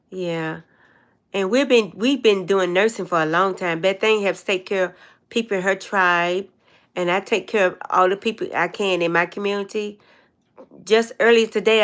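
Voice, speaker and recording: A woman's voice: mid-range voice, fairly bright tone. An older woman hosting a casual livestream chat, telling long meandering stories and greeting viewers. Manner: rambling, meandering storyteller. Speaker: livestream host.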